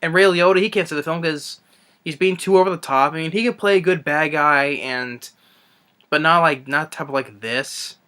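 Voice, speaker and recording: A man with a bright, sharp-edged voice rants through a film review, audibly exasperated and scornful. He rambles off the cuff, stopping and restarting his sentences, filling the gaps with "you know" and "I mean". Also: a little high, clear, resonant tone. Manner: rambling, halting, frequent restarts and fillers. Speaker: movie reviewer. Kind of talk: unscripted ranting film review.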